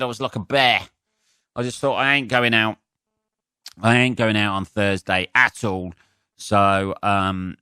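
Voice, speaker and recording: A man's voice: fairly low pitch, fairly bright tone, no echo, studio quality. A man, a comedian hosting his own podcast, rambling sarcastically and swearing freely while stuffed up with a cold. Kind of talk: solo podcast monologue.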